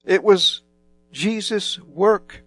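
A man preaching a sermon slowly and emphatically, with dramatic swings in loudness. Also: high-pitched.

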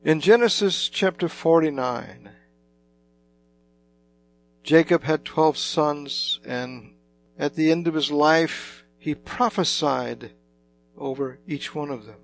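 Slow gravelly male preacher. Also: fairly high pitch, faint music behind. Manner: slow, emphatic, dramatic swings in loudness. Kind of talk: sermon.

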